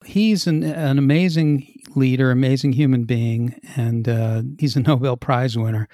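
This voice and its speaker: A male podcast host chatting with a guest, enthusiastic and quick to laugh. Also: medium pitch, fairly even intonation, dark tone, no echo, studio quality. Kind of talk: casual interview chat.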